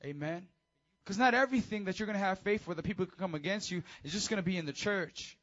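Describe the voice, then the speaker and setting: A man preaching a casual, high-energy sermon to teenagers as youth pastor, with call-and-response. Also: quick pace, a bit bright, highs cut off.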